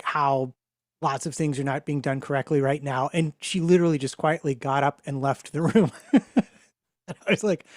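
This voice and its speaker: A man's voice: a little high, no echo, studio quality. A man co-hosting a podcast, telling easygoing, amused stories about home life in casual chat. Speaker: podcast co-host.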